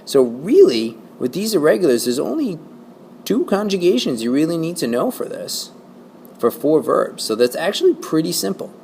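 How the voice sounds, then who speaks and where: A man's voice: on the high side, big pitch swings, moderate pace, gravelly, a little mellow, slight background noise. A man teaching a Spanish lesson to his class, explaining patiently and checking in with "okay?" and "right?".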